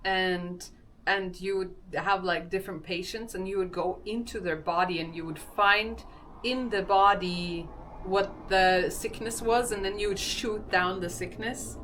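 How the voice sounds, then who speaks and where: A woman's voice: medium pitch, steady tone, unhurried, a bit bright, slight background noise. A young woman with a Swedish accent, chatting casually on a live stream, greeting viewers and laughing often.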